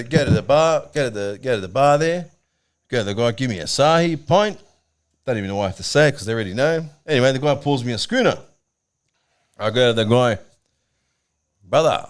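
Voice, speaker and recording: A man with an Australian accent telling a pub story in casual chat, blunt and swearing, with lots of animated storytelling. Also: medium pitch. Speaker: podcast co-host.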